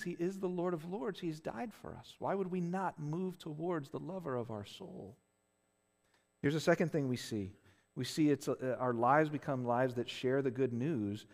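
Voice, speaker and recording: A pastor preaches an earnest, conversational sermon, often restarting phrases and checking in with "right?". His voice is medium-pitched and darkish, with a big-room sound.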